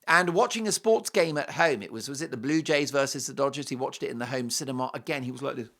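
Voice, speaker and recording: A man's voice: medium pitch, fast talker, bright, forceful tone. A middle-aged man from Britain with a British accent, hosting a talk show with an opinionated monologue full of mocking, jokey asides. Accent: British English.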